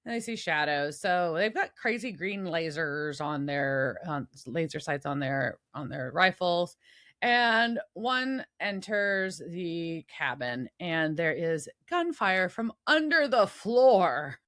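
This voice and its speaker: A woman co-hosting a podcast, chatting casually in an animated, playful way. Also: fairly low pitch. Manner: animated, playful, slips into quick character voices. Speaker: podcast co-host. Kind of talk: casual chat.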